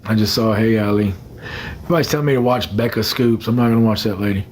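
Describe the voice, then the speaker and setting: A man's voice: on the low side, steady tone, fast talker, a little mellow, a little hiss or hum. A young man chatting casually on a phone livestream, rambling and greeting commenters by name.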